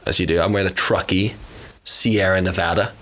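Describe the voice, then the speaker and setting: A man's voice: sits low, steady tone, brisk, fairly bright tone, slight background noise. A man from South Africa, co-hosting a podcast and telling stories in casual chat, who swears freely and acts out the voices of the people in his stories. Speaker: podcast co-host.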